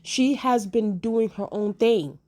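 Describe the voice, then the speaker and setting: A woman's voice: fairly high pitch, slow, dark tone. A woman chatting casually as she reviews a TV episode, slangy and repeating lines for emphasis. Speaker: TV show reviewer.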